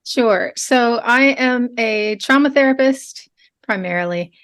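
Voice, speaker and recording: A woman's voice: on the high side, slow pace, fairly bright tone. A woman who works as a trauma therapist, speaking earnestly as a podcast guest and restarting her sentences often. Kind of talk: casual podcast interview.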